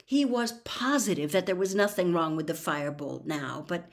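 A woman reading a children's novel aloud as an audiobook, measured and expressive. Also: low voice. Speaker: audiobook reader. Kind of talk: scripted storybook narration.

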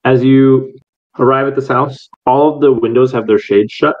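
A man narrates a tabletop game as game master, setting scenes and asking players for checks. He talks in a relaxed, matter-of-fact way at a medium pitch. The recording sounds slightly dull and muffled. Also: normal speed.

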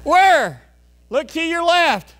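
A man preaching a sermon as pastor in a church, emphatic, with sudden loud bursts and folksy storytelling asides. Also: very high voice, very animated, slow. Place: church sanctuary.

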